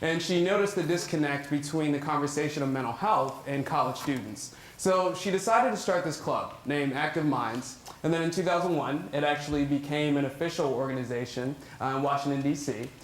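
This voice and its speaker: A man's voice: on the high side, brisk, hardly any pauses. Young man speaking in an echoey hall. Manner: joking, self-deprecating, chatty. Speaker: public speaker on mental health. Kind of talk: live talk to an audience. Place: large echoey hall with audience. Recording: echoey hall, crowd and noise faint.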